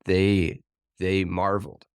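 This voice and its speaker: A man's voice: low-pitched, little pitch movement, slow, clean tone, dry recording, studio quality. A man co-hosting a podcast who reflects on a Bible passage in a thoughtful, searching way and sometimes hesitates. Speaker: podcast co-host. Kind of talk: conversational Bible discussion.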